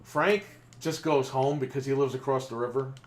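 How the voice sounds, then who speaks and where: A man's voice: medium pitch, steady tone, moderate pace. A man co-hosting a gaming podcast, telling stories in casual chat while playing, swearing freely. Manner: swearing, storytelling with laughs. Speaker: podcast co-host.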